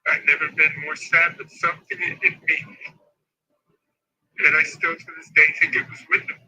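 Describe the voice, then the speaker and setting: A man slowly and reflectively recounting events in an emotional documentary interview. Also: a little high, flat delivery, pushed and bright, slightly rough, low-quality recording.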